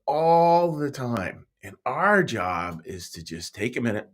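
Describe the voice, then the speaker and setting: Pastor, male, mid-pitched voice that swoops and bounces, storytelling for little kids. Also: slow. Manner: animated, playful storytelling voice that swings up and down, talking straight to kids. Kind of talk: telling a Bible story to young kids.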